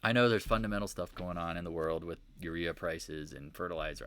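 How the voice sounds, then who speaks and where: A man's voice: deep voice, steady tone, a little fast, fairly bright tone. A man giving a casual, rambling market recap over charts, exasperated and preachy, firing off rhetorical questions. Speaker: market commentator.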